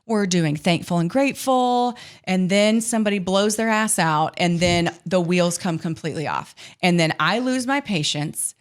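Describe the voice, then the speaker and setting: In her thirties and co-hosting a podcast, this woman speaks candidly about her kids, laughing as she swears. Her fairly low voice moves at a moderate pace with few pauses through the casual chat.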